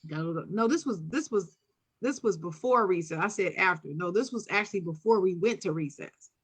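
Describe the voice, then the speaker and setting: On a casual podcast, a co-host with a Philadelphia accent tells a story from her childhood, animatedly acting out the voices of the people she quotes. Her voice sits on the low side, moves fairly quickly, and has a breathy edge.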